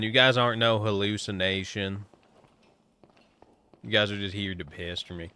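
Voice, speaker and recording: A man's voice: lowish voice, sharp tone, smooth. A man streaming a game, chatting casually and joking with viewers as he rambles.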